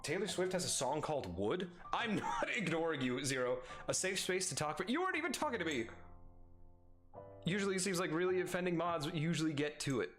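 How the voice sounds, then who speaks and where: A man's voice: a little high, sing-song, brisk, over music. A young adult man streaming live, chatting casually, swearing freely, laughing often and reading chat aloud.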